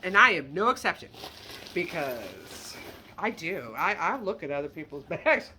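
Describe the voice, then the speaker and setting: A woman's voice: fairly low pitch, sing-song, moderate pace, bright, forceful tone, slight background noise. A woman chatting casually and candidly as she shows handbags for sale, with self-deprecating asides. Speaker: online handbag reseller. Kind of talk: casual product showcase vlog.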